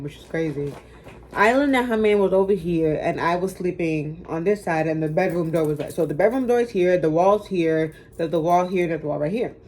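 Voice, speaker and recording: A young woman with a lowish, slightly mellow voice tells a personal story to camera as a storytime vlogger. Her manner is casual and blunt, with slang, free cursing, and jokes at her own expense.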